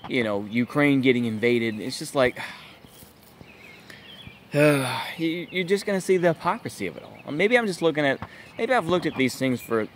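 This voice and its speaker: A fairly high-pitched American man hosts his own channel, delivering exasperated, incredulous political rants. He keeps using fillers like "it's just like" and "bruh," and there's slight background noise.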